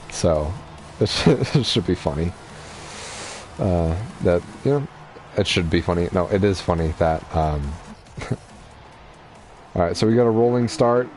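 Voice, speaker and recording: A man's voice: deep voice, a little hiss or hum. A young man giving casual, chatty commentary while streaming a racing game. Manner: relaxed, chatty, explaining racing strategy.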